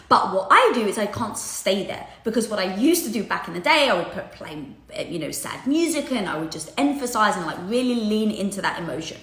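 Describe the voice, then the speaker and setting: A woman's voice: mid-range voice, a little fast, few pauses. Candid motivational woman in an echoey room. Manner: candid, animated, frequent fillers, swears casually. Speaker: host of a live social media video. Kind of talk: casual motivational talk. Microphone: headset or phone mic.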